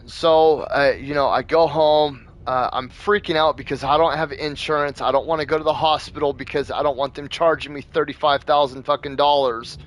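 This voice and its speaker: A man's voice: on the high side, steady tone, moderate pace, hardly any pauses. A man hosting a gaming channel, telling a rambling story in a casual, profane way with plenty of fillers.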